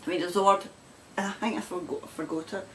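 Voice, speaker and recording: A woman's voice: fairly low pitch, steady tone, fast talker, slight background noise. Chatty Glasgow woman with a broad accent. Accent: Glasgow Scottish. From Scotland. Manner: chatty, laughs often, rambling. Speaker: knitting podcast host. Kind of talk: casual chat to camera.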